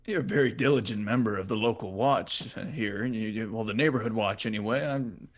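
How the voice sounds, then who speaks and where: A man's voice: lowish voice, brisk. A man playing his character in a tabletop game, stammering politely through hesitant, nervous answers. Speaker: player. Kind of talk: in-character tabletop role-play.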